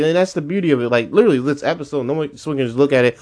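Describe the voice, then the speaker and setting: A young adult man hosting his own podcast, ranting casually and profanely, his voice jumping high when he gets annoyed. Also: animated, quick pace, darkish tone. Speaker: podcast host. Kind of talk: casual solo podcast rant.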